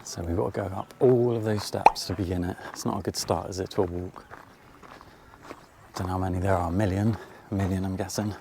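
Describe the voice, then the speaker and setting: A man with a low, gravelly voice chats to the viewer as he walks outdoors, poking fun at himself along the way. He's filming on a handheld camera, with faint outdoor noise behind him. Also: steady tone, a little fast. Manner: chatty, self-mocking, addresses viewer directly. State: out of breath while climbing. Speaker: vlogger. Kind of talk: casual vlog walk-and-talk. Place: outdoors, farm fields and coastal path.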